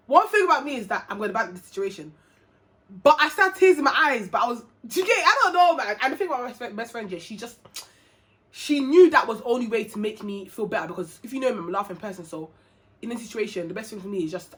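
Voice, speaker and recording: Young woman, chatty vlogger, tells a story and voices the people in it. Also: mid-range voice. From England. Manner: chatty, animated, acts out quoted dialogue. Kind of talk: casual storytelling to camera.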